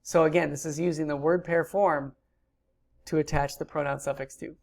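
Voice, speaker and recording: A woman's voice: low-pitched, fairly even intonation, normal speed, vocal fry, darkish tone. A woman giving a recorded grammar lecture, explaining patiently with frequent ums. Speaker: Hebrew teacher.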